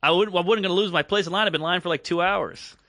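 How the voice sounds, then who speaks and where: A man's voice: high voice, very fast, dry recording. A man co-hosting a podcast, telling a story in casual chat and acting out the voices of the people in it. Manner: animated storyteller who acts out quoted voices. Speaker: podcast co-host.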